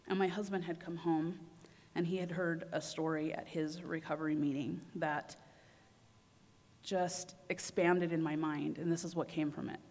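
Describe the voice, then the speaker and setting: In a hall with long reverb, a young woman gives a conference talk built around a personal story, acting out her inner voice with feeling. Her low-pitched, darkish voice keeps a steady tone at a moderate pace.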